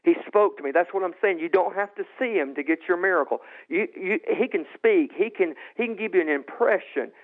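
A man telling his personal testimony with excitement, often restarting and repeating himself and jumping high and loud as he relives what happened. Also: brisk, few pauses. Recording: tinny phone-like sound.

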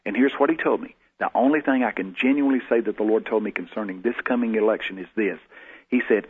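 A man's voice: on the low side, fast, slightly rough. A man, a guest in an interview, telling personal stories in a folksy way and acting out the voices he quotes. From Texas. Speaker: guest prophet. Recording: tinny phone-like lo-fi sound.

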